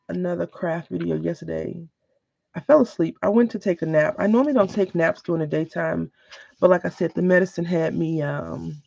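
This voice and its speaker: A woman crafter talks with her viewers in a loose, rambling way, often trailing into "blah, blah." Her voice has a gravelly fry to it. It is a dry, close, slightly muffled home recording. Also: lowish voice, darkish tone, dry recording. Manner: rambling and chatty, mimics others with "blah, blah". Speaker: crafting channel host. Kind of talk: casual live crafting chat with viewers.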